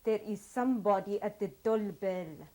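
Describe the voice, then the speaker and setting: A woman's voice: mid-range voice, normal speed, mellow, natural voice, low-quality recording. An actress playing a stiff, formal woman reciting polite lines.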